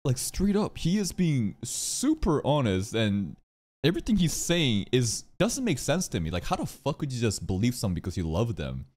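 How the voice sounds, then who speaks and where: A man casually reacting to an anime episode, excitable, restarting his sentences, swearing and laughing often. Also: medium pitch, normal speed.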